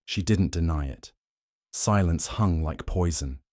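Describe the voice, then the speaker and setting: Male narrator, very low voice, dry sound, cold and measured first-person story. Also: dark tone, no echo.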